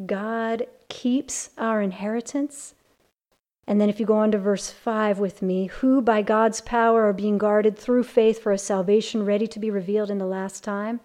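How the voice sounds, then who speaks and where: A woman leads a Bible study for a group of women. Her voice is mellow and warm, set at a middle pitch. She talks earnestly, sometimes hushed and sometimes rising to strong emphasis. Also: fairly even intonation, normal speed. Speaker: Bible teacher.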